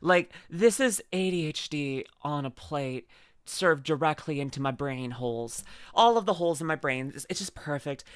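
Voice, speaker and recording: A woman streamer chatting through a video reaction in a giggly, rambling way, stopping to read her chat aloud. Her pitch leaps around constantly. The sound is dry and close, with no room around it. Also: expressive, moderate pace, smooth, no echo. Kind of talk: casual live-stream reaction commentary.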